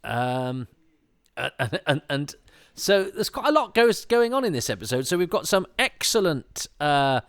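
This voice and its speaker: A man's voice: on the high side, very animated, a little slow, fairly bright tone, no echo. A man hosting a casual commentary while watching an episode, rambling and hesitant, with many fillers, restarts and wry chuckling asides. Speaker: podcast host.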